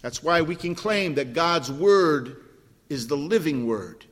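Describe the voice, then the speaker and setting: A man's voice: fairly high pitch, lively intonation, takes it slowly. An older man preaching a sermon, emphatic, repeating key words and asking the congregation questions. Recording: long hall reverb.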